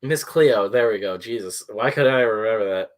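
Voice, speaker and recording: A male stream host runs a casual morning chat, rambling loosely with lots of "uh" and the occasional curse word. His voice is on the low side and he talks at a normal speed.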